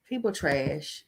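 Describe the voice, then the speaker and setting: A woman's voice: deep voice, gravelly, background noise. A woman podcast host, reading posts aloud and giving blunt, sarcastic gossip commentary in a casual way.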